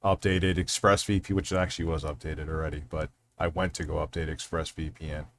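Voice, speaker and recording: A man's voice: very deep voice, little pitch movement, brisk, fairly bright tone, slight background noise. A man hosting a casual livestream, rambling and swearing freely while reading out chat messages. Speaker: livestream host.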